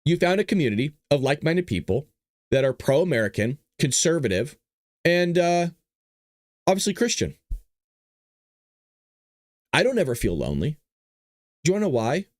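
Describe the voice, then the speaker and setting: A man hosting a show, giving sarcastic opinion commentary in an animated way. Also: on the high side, normal speed, pauses often, dry recording, studio quality. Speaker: show host.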